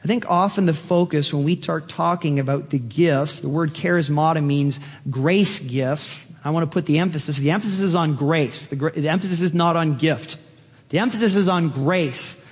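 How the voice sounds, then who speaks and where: A man delivers a sermon from the pulpit, his voice pitched high and bright. He preaches with animated energy, pushing up to excited peaks. The sound carries a long church-hall reverb behind it. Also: normal speed, breathy edge. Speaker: pastor.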